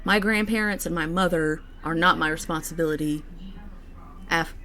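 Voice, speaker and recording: A woman's voice: sits low, pushed and bright. Rambling young woman chatting to camera. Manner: rambling, halting, with many fillers and restarts. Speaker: vlogger. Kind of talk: casual personal chat to camera.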